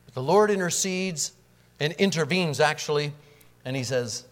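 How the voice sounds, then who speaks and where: A man preaching a sermon, acting out the voices he quotes and swinging between loud emphatic lines and low hushed ones. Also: normal speed. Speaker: pastor.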